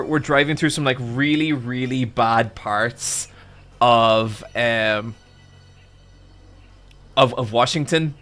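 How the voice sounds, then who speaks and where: A young man telling a long, animated story to his stream chat, swearing often and stumbling over restarts. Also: mid-range voice, clear, resonant tone. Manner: animated, swearing, with frequent restarts and "I'm like" quotes.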